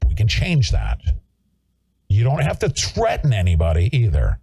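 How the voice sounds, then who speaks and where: Gravelly, fiery man ranting on a talk show. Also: on the low side, dark tone, no echo. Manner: angry, confrontational, hectoring. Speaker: host. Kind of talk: political talk show rant.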